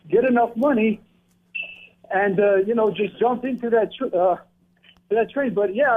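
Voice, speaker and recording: Brief: breathless male caller, higher pitch, thin telephone sound, loose and chatty. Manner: casual, rambling, lots of fillers. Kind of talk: phone-in conversation. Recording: tinny phone line.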